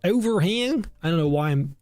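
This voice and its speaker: A young British man streams live while building a theme park, chatting casually, thinking aloud, and teasing himself. His mid-range voice is animated, unhurried, and a little mellow, with faint music in the background.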